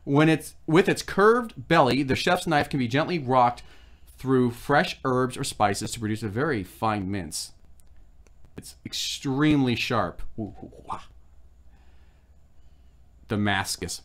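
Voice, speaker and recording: A man's voice: mid-range voice, unhurried, fairly bright tone. A man hosting a snack-tasting livestream, rambling and reading product labels aloud in casual chat. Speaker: food review livestream host.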